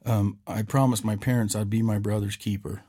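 A polite little boy near tears, pleading and saying sorry over and over, as a man tells it in his own low voice. The lines run in a steady, apologetic rush. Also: fairly quick, husky.

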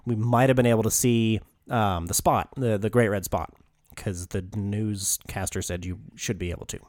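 A man's voice: lowish voice, fairly even intonation, normal speed, a little mellow, dry recording, studio quality. A young American man co-hosting a podcast, telling a story in casual chat and swearing often. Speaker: podcast co-host.

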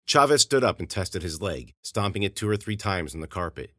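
A man narrating his own horror story in a measured, steady way as a podcast host. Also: deep voice, no room sound, clean studio sound.

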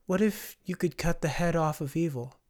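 A man's voice: fairly high pitch, moderate pace, darkish tone, pitched above the performer's own voice, lightly acted. Faye, a scoffing tough girl voiced by a man. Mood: sardonic. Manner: huffy, sardonic. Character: sharp-tongued teenage girl, tough, scoffing. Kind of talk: audiobook character voice.

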